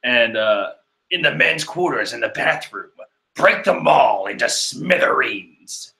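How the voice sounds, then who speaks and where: A man's voice: mid-range voice, expressive, slow pace, vocal fry, sharp tone, voice pushed down, heavily acted. A man doing a battered young pirate captain. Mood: urgent.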